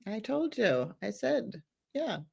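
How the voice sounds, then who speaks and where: A woman's voice: medium pitch, very animated, takes it slowly, vocal fry, husky. A middle-aged mother co-hosting a casual podcast, laughing often. She hands out firm, motherly advice in an easy conversational voice. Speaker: co-host, mother.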